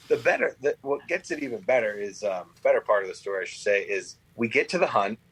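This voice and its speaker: Midwestern man, podcast guest, husky voice, spins an anecdote and quotes people. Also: lowish voice, lively intonation, brisk, dry recording, low-quality recording. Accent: Midwestern American. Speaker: guest, veteran outfit founder. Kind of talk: casual storytelling.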